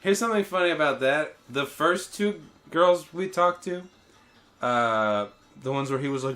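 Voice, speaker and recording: Lively joking man in casual chat. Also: fairly high pitch, normal speed. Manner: joking, swears freely, acts out quotes. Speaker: podcast co-host playing a game.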